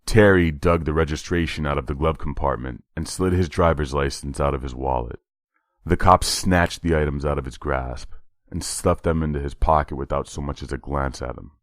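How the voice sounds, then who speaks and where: A man narrating a horror short story in a measured, dramatic read. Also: extremely low pitch, dry recording, studio quality.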